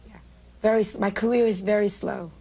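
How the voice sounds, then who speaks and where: Older woman comedian from New York, gravelly and husky, brash, self-deprecating storyteller. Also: medium pitch, steady tone, brisk, dark tone. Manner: brash, self-mocking, emotional, laughs often. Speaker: comedian interviewee. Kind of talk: candid interview storytelling.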